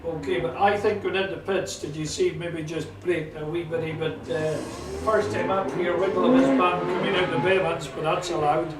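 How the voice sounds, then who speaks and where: A Scottish man calls a car sprint live, chatty and excitable. His voice sits a little high and sounds set back from the mic in a roomy space. Engines and outdoor ambience roar behind him. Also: normal speed, hardly any pauses. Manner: chatty, excitable, talks to a companion. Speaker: motorsport commentator. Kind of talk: live race commentary. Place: at a sprint track. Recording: roomy, distant mic with loud car noise.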